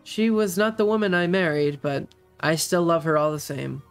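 A man's voice: on the high side, normal speed, clean tone, faint music behind, lightly acted. A man voicing a doting, playful father in a tabletop role-play game, speaking in an affectionate, upbeat way. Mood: fond. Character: doting playful middle-aged human father.

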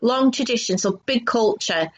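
A woman's voice: a little high, animated, normal speed, breathy edge. Chatty female co-host, loose rambling delivery, muffled lo-fi recording. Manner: chatty, rambling, many fillers. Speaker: radio co-host. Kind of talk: casual chat interview. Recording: dull lo-fi audio.

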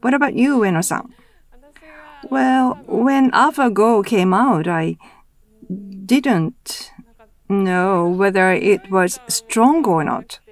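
Interpreting a roundtable into English as a voice-over, this woman keeps a steady, measured tone and sometimes starts a phrase over. Her voice sits at a medium pitch.

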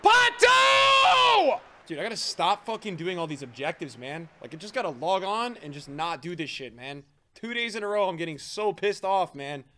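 A man streaming live gameplay commentary, sarcastic and bantering and often yelling at the game. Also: on the high side, animated, fairly quick, background noise. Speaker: gaming streamer.

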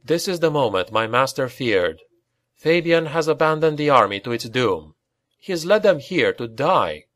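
A man's voice: mid-range voice, big pitch swings, normal speed, a bit bright, dry recording. A man voicing an anxious, loyal young male acolyte who calls out in urgent, strained cries. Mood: grim.

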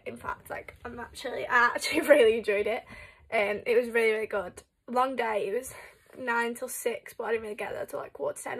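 Breathy teenage girl rambling story time. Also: fairly high pitch, fairly bright tone. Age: teens. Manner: rambling, filler-heavy storytelling with lots of "like". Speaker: vlogger. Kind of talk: casual chatty story time. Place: at home.

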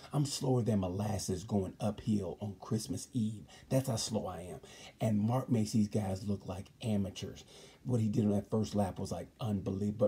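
A man's voice: lowish voice, warm tone, slightly rough. A man hosting a comedic motorsport review, rambling and emphatic, often stopping to say "let me tell you something". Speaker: host. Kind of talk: comedic sports commentary.

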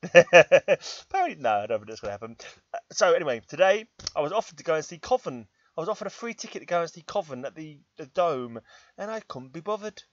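Middle-aged English vlogger, English accent, slightly high voice, tired, self-mocking ramble, dry dull laptop sound. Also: male voice, big pitch swings, fast, fairly bright tone, no room sound. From England. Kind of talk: casual vlog monologue. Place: his room. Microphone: laptop microphone.

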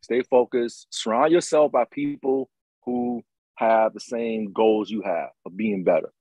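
Middle-aged male host, husky, emphatic and motivational, dry close sound. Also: on the low side, steady tone, a little slow, warm tone, dry recording, rough recording. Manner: emphatic, motivational, repeats phrases. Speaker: podcast host, retired Green Beret. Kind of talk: casual conversation.

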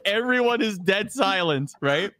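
A man guest on an interview podcast, telling anecdotes with animated, lively delivery and acting out voices. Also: high voice, dry recording. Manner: lively, acts out voices in anecdotes, fast asides. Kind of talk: animated storytelling in casual chat.

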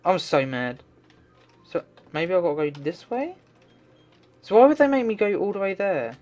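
A man's voice: sits high, very animated, moderate pace, a little mellow, soft background music. A man doing game commentary, talking to himself and swearing in frustration as he plays. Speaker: let's play gamer.

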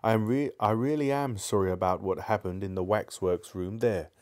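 A man's voice: lowish voice, normal speed, a little mellow, natural voice. A man voicing an anxious, earnest young boy who pleads in old-fashioned schoolboy slang, in a live book reading. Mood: pleading.

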